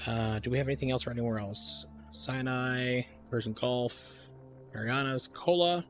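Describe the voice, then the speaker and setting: A man's voice: mid-range voice, moderate pace, soft background music. A man in his forties chatting casually while streaming a game, telling a long story with lots of uhs and restarts. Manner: rambling storyteller with many fillers. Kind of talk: casual chat while gaming.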